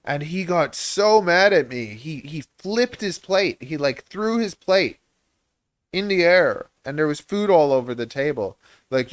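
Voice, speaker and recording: A man's voice: on the high side, lively intonation, measured pace, dry recording. A man hosting a livestream, chatting in a rambling, self-deprecating way and laughing often. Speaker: livestream host and reptile breeder.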